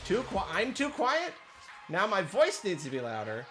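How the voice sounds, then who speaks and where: A man's voice: sits high, wildly swooping pitch, normal speed, fairly bright tone. A man streaming live, chatting casually and apologizing in a flustered way while he fixes his audio on a desk mic. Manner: flustered, apologetic, self-deprecating laughs. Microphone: desk microphone. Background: faint awards-show music from a TV.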